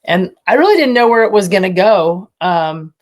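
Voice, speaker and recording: A woman in her fifties, a former college softball coach, telling stories with animation and frequent laughter as a podcast guest. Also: mid-range voice, normal speed. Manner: animated storytelling, laughs often. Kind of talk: casual podcast interview.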